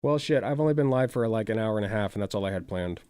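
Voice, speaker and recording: A man's voice: on the low side, animated, quick pace, darkish tone, clear, resonant tone, no echo, studio quality. A man chatting casually on a live stream, rambling and swearing with many filler words while reacting to videos.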